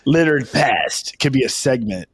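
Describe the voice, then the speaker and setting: A man's voice: medium pitch, unhurried, slightly rough. A young adult man co-hosting a comedy podcast, telling a rambling story in casual banter and laughing often. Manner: giggly, animated storytelling, frequent laughter. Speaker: podcast co-host.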